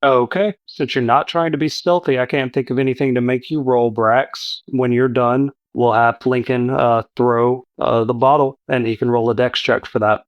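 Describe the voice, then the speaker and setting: A man narrating a tabletop game as its game master, in a relaxed, descriptive way with many fillers. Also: mid-range voice, normal speed, hardly any pauses, no echo, highs cut off.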